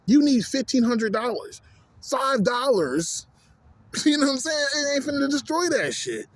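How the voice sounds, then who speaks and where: A very high-pitched young Canadian man in his twenties vlogs a casual rant, unhurried, with lively intonation and no echo. He's profane and rambling, full of filler phrases like "you know what I'm saying."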